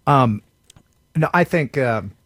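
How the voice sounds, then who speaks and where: A man co-hosting a morning radio show, joking and teasing with frequent laughs, in a gravelly, husky voice. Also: medium pitch, expressive, takes it slowly, a bit bright, no echo, studio quality. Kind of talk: casual morning radio banter.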